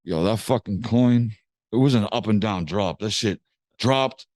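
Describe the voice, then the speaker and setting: Slangy, low-voiced male storyteller. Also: unhurried, dry recording. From Massachusetts. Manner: animated, slangy, swears casually, acts out other people's lines. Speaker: music producer guest. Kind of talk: casual storytelling.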